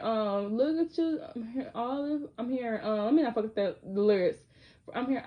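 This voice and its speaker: A woman in her twenties from Michigan, with a warm voice on the high side, gives a casual, chatty tarot reading. Her talk is loose and slangy, and she sings snatches of lyrics now and then.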